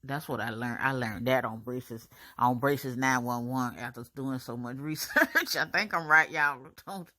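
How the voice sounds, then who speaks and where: A woman's voice: extremely low pitch, unhurried. A woman, chatting to viewers in a casual voice-over about her braces appointment. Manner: chatty, animated, talks to viewers as y'all, honey and baby.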